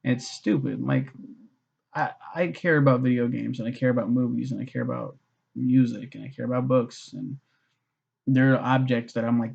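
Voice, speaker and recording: A man with a gravelly, husky voice rambles through a casual book review, full of fillers and swearing. His tone is dark and mellow. The sound is dull and lo-fi. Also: medium pitch, fairly even intonation, normal speed. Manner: swears a lot, many fillers, mocks posh voices.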